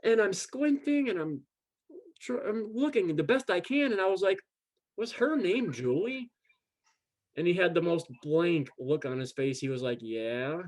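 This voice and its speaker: A man's voice: high voice, moderate pace. A man telling a personal story in casual chat, acting out the quoted dialogue and often repeating words as he goes. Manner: animated, acts out quoted dialogue. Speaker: guest.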